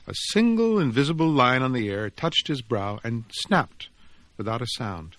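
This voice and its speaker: A man, the author, reading his own story aloud in an expressive, measured storytelling voice. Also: medium pitch, soft background music. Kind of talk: dramatic reading of fiction and reflective commentary.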